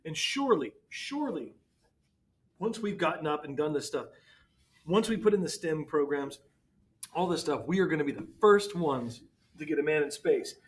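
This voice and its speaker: A man's voice: fairly high pitch, animated, moderate pace. A man who teaches history, co-hosting a podcast in casual chat with wry, joking asides.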